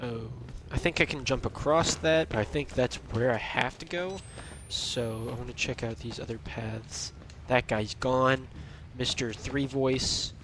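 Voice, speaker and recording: A man's voice: medium pitch, a little slow, few pauses, noisy background. A young man giving casual, jokey let's-play commentary, chatting to himself as he plays. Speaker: gaming video creator.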